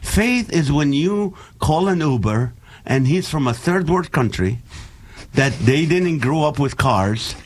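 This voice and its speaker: A middle-aged man from the Middle East, a native Arabic speaker, chatting as a comedy guest in an animated, joking way and laughing often. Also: on the high side, takes it slowly. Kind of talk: casual chat.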